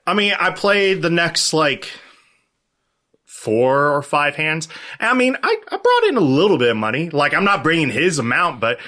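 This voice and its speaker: Animated man telling a story. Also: normal speed. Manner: animated, jumps to high-pitched exclamations and voices for people in his stories. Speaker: podcast guest storyteller. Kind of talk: casual podcast storytelling.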